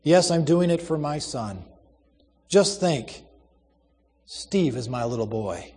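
A soft-spoken, self-sacrificing old convict, read by a man in a storybook recording. He pleads gently and sounds quietly resigned, at a slightly raised pitch. A long reverb hangs behind the voice. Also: lively intonation, takes it slowly, husky, full character voice. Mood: pleading.

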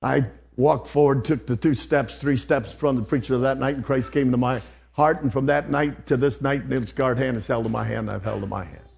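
A man's voice: medium pitch, fairly even intonation, moderate pace, creaky, a little mellow. An older man preaching an old-fashioned sermon, dropping to near whispers and then rising to fervent outbursts.

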